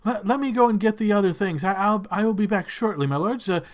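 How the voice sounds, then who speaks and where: A man's voice: high voice, fast talker, pitched above the performer's own voice, lightly acted. A man voicing a nervous, overly polite male servant in a tabletop game, stammering and apologizing. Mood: flustered.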